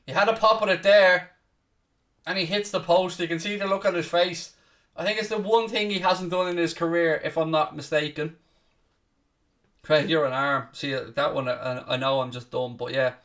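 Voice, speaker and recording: A man hosting a live football watchalong, commentating casually, swearing a little, mocking himself, and shouting out loud at big chances. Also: high voice, recorded from a distance. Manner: self-deprecating, swears casually. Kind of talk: live match commentary and chat with viewers.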